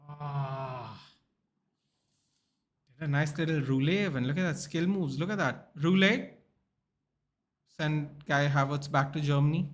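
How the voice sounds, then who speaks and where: A man hosting a live football watchalong, chatting casually and answering viewer questions while tired from a sleepless night. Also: a little high. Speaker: sports channel host. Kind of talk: live match watchalong commentary and chat replies.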